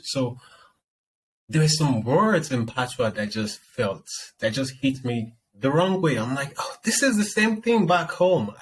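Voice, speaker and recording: Nigerian man, animated storyteller. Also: medium pitch, a little hiss or hum, poor audio. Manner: animated storyteller, acts out quoted voices. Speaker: guest. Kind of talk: casual interview chat.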